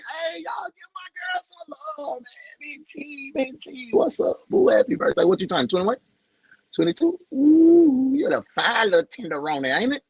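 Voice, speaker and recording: Young Southern man, high lively voice, slangy joking livestream host. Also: normal speed, breathy edge, no room sound, highs cut off. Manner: loose, joking, slangy, greets viewers by name. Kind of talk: casual livestream chat.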